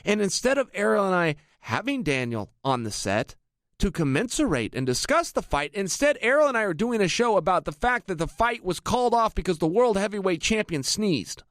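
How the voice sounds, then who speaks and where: A middle-aged man and MMA analyst, telling an energetic anecdote and talking straight to his listeners. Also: high-pitched, brisk, dry recording, studio quality. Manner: energetic, addresses listeners directly. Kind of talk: animated anecdotal storytelling.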